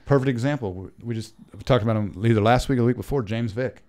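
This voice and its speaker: A man hosting a sports podcast, chatting casually and teasing his co-host with quick jokes and swearing. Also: medium pitch, darkish tone. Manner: fast, teasing, wisecracking, swears.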